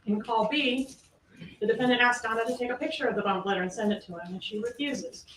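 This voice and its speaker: A woman's voice: on the high side, fast talker, fairly bright tone, slight background noise. A woman prosecutor giving a courtroom closing argument, emphatic and full of rhetorical questions. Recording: echoey room, distant mic, faint ambience.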